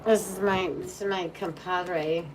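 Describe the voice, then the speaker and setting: A woman's voice: on the low side, fairly even intonation, measured pace. A woman tarot reader chatting casually and cooing in baby talk to her dog. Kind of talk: casual chat. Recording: distant mic with faint background hum.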